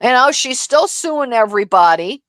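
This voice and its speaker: A woman co-hosting a casual livestream chat, telling gossip in an animated, profane, laughing way. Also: sits high, moderate pace, no room sound. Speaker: livestream co-host.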